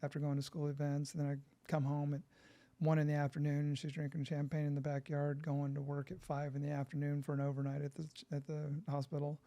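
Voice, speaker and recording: A middle-aged man from California, a podcast guest, telling his story in an animated, profane way and acting out quotes. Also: fairly high pitch, brisk.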